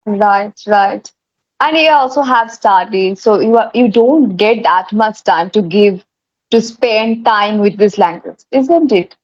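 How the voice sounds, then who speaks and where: 一位带印度口音的女性主持英语练习对话，语气真诚，常停顿犹豫，视频通话音质发闷。. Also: female voice, mid-range voice, slow, lo-fi sound. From India. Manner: earnest, hesitant with many fillers and restarts. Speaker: host. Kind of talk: casual conversation practice. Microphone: video call.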